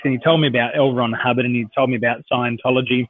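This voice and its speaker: A man's voice: mid-range voice, steady tone, fast, no echo. A man from Australia, a coach and interview guest, telling rambling anecdotes with many fillers and restarts. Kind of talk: conversational storytelling. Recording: dry, tinny phone-like audio.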